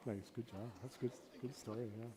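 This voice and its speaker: A pastor teaching a storytelling workshop, animated, swinging between loud bursts and hushed talk. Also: male voice, medium pitch, fairly quick, crowd noise. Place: church hall. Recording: reverberant hall with faint room noise.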